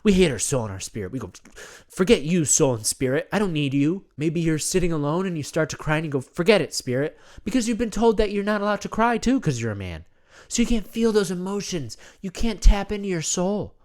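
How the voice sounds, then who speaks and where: A man's voice: sits high, very animated, fairly quick, darkish tone. A man playing a rambling, self-absorbed self-care guru who talks about himself in the third person, in a comedy monologue. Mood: preachy. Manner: earnest, rambling, repeats himself.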